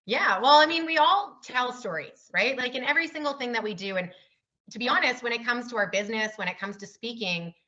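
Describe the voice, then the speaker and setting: Woman, keynote speaker, upbeat, bright forceful voice, dull lo-fi sound. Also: a little high, a little fast. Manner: upbeat and enthusiastic. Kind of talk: casual interview chat.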